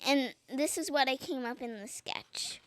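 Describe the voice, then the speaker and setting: On a podcast mic, a little girl appearing as a guest speaks in a high-pitched voice at a moderate pace. She keeps the chat casual and fun, giggling and playing with goofy accents.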